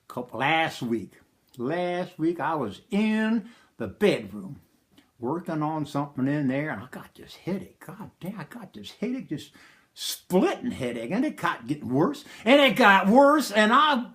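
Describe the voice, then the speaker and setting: A man's voice: a little high, big pitch swings, a little slow, a bit bright. A man playing a rowdy, profane rural man, rambling through a wild comic story. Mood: agitated. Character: rowdy rural middle-aged man telling a wild tale. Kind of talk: comic character monologue.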